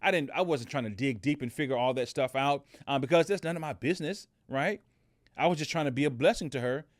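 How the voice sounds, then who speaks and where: Middle-aged guy rambling through a podcast story, lots of ums, kinda high voice, dry close sound. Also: fast, no echo. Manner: conversational, storytelling, many fillers and restarts. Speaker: podcast host. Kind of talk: casual motivational podcast talk.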